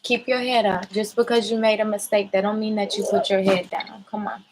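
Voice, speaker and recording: A mother calmly questioning her child about a mistake, patient and measured while she holds back tears. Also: medium pitch, noisy background. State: close to tears, holding back. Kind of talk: parent talking a child through a mistake.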